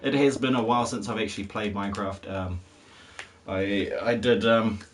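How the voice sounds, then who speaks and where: A man's voice: fairly low pitch, steady tone, normal speed, distant mic. A man, chatting in a rambling, wry way as he streams a game. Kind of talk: casual live-stream commentary. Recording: voice a bit off-mic with faint hiss.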